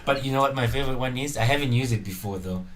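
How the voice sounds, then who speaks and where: A man's voice: medium pitch, very fast, a bit bright, low-quality recording. A man hosting a casual studio chat, teasing and laughing as he talks. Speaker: show host.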